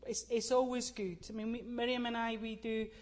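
Earnest Scottish woman, halting speech. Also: a little high, little pitch movement. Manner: halting, many restarts, earnest. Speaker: panel speaker. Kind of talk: church panel discussion.

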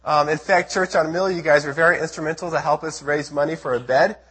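Man from the United States, missionary testimony sermon, earnest storytelling, husky high voice. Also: steady tone, fast, a bit bright. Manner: earnest storytelling, acts out his own prayers and quotes. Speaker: missionary speaker.

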